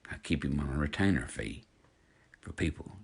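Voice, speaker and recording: Man, 50s, preachy angry rant to camera, husky and raspy. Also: a bass voice, lively intonation, moderate pace. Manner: indignant, preachy, addresses followers directly. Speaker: social media personality.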